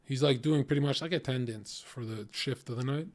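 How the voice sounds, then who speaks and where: A man's voice: mid-range voice, fairly quick. Blunt, profane male streamer telling a story. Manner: profane, blunt, animated retelling.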